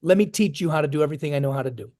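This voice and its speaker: A calm, amused older businessman, as a man retelling the story puts him on. He speaks in a measured, fatherly way, a little lower than the teller's own voice. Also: no room sound, clean studio sound, lightly acted.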